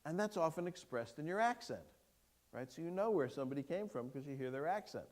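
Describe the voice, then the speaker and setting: A man giving a keynote lecture to an audience, lively and engaging, putting questions to the room. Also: fairly high pitch, fast talker. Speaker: keynote speaker. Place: lecture hall before an audience.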